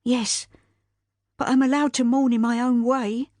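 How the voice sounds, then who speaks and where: Grieving widow, proud and sharp-tongued, heavy with tears, read by a woman narrator; higher than the reader's own voice. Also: steady tone, unhurried, no room sound, clean studio sound, natural voice. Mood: sorrowful. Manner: tearful, weary, bitter.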